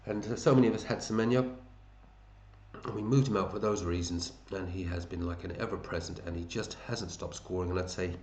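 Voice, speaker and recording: A man's voice: deep voice, fairly even intonation, a little fast, darkish tone, roomy sound. A man hosting a fantasy football league, chatting casually and matey as he runs through scores and thinks aloud. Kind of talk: casual commentary over a screen.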